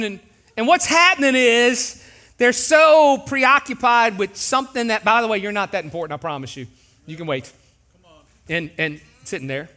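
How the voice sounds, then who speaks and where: A man preaching a sermon as pastor in a large church, animated and jokey, acting out voices. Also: high voice.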